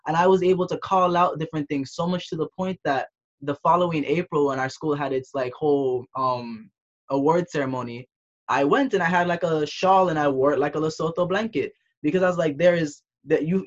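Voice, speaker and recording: A man's voice: fairly high pitch, fairly quick. Reflective young man from the Caribbean. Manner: reflective, thinking aloud with restarts. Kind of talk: casual discussion. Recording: dull, muffled audio.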